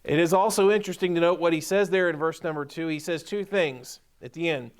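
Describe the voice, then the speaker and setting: A man with a slightly raised pitch preaching from the pulpit of a church. He leans hard on repeated phrases and reads scripture aloud between his own comments. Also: a little fast, smooth. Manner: preaching with emphatic repetition, reading scripture aloud. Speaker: pastor. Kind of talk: sermon. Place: church sanctuary.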